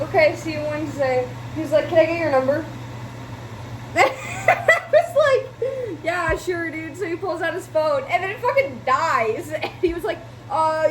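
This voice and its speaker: A young woman in her twenties, a vlogger with a high voice, tells a rambling story while cooking in her home kitchen. Her casual chat is full of filler words and swearing, and the background is noisy.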